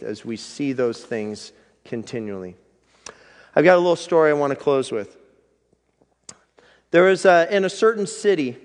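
A male pastor giving an earnest, conversational sermon in a church, slowing down for emphasis and closing in prayer. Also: medium pitch, long reverb tail.

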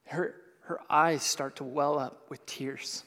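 Slow, earnest male preacher in a reverberant hall. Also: a little high, steady tone. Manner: earnest storytelling, swelling to loud impassioned outbursts. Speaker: pastor. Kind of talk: personal testimony sermon.

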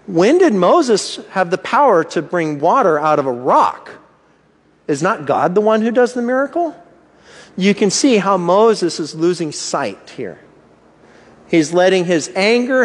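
A man's voice: high voice, long reverb tail. A man preaching a sermon as pastor, asking rhetorical questions and acting out inner thoughts with animation.

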